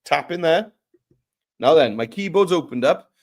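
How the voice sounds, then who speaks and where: A man's voice: a little high, animated, moderate pace. A man giving a live screen tutorial, talking through each step in a playful, jokey way.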